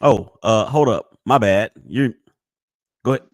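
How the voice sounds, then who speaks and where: A man hosting a sports podcast, jokey and quick to move the talk along. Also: on the low side, no room sound. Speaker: podcast host. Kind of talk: casual sports chat.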